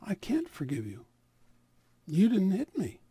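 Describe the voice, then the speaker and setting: A man voicing a meek, gentle old rabbi. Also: sits high, wildly swooping pitch, a little slow, husky, no room sound, heavily acted. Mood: quietly firm. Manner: soft, polite, quietly firm.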